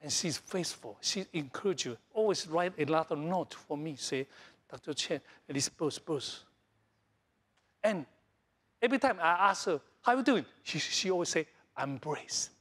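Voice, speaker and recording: A middle-aged man from Taiwan, a Taiwanese native speaker, preaching a sermon in broken English full of repeats and fillers, swinging between loud high bursts and soft low lines. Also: normal speed, slightly rough. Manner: animated, jumps between loud highs and soft lows. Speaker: pastor.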